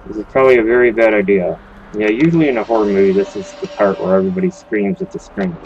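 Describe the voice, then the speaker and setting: A man giving casual, joking commentary while he plays a video game, swearing now and then. His voice sits low, with a faint hiss of noise under it. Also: fast, darkish tone, muffled recording. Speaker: let's play host.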